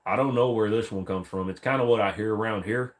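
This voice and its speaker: A man's voice: fairly low pitch, quick pace. Casual swearing man chatting with his stream. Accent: Northern Virginia. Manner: swearing, slips into joke voices and accents. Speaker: streamer answering chat. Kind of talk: casual live chat.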